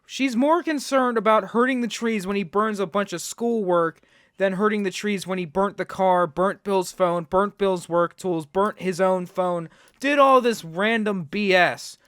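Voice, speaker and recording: A man's voice: high voice, measured pace, a bit bright, clean tone, dry recording, studio quality. A man hosting a reaction video, talking sarcastically and ranting at what he watches. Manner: sarcastic, ranting, mocks with put-on quotes. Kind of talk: reaction commentary.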